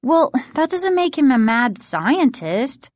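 A woman voicing a sharp, defensive preteen girl in an audiobook reading. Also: fairly high pitch, slow pace, no echo, voice pushed up.

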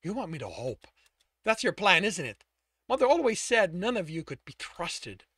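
Anguished young guy as a man reads him, pleading, high and strained. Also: very animated, normal speed, a bit bright, breathy edge, no echo, studio quality, heavily acted. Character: tormented young man, desperate and possessive.

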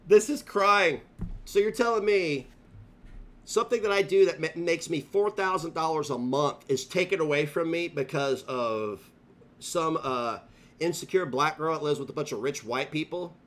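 A man's voice: a little high, normal speed. A male live streamer delivering a profane, confrontational rant full of taunts. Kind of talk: livestream rant.

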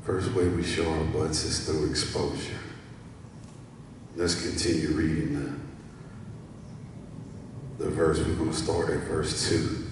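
A man's voice: very deep voice, little pitch movement, takes it slowly, long pauses, noisy background. A man preaching a sermon to his church, repeating key phrases and calling for responses from the congregation. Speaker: pastor. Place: church sanctuary. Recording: echoey church hall, mic at a distance.

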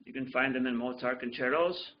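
A man's voice: medium pitch, brisk. A man teaching a fiddle lesson over a livestream, explaining loosely with many restarts and fillers. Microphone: computer mic on a video call. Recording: dull lo-fi livestream audio with fiddle. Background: fiddle playing.

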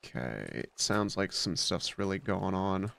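A man's voice: sits low, big pitch swings, a little slow, gravelly, fairly bright tone. A man commenting casually on his game as a let's play host, sleepy and just woken up, musing aloud with plenty of fillers.

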